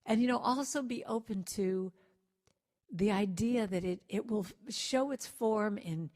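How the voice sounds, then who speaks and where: Gentle, conversational woman speaker. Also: mid-range voice, a little slow. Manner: gentle, conversational, acts out quotes with lively voices. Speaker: guest speaker and singer. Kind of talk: inspirational talk to a congregation.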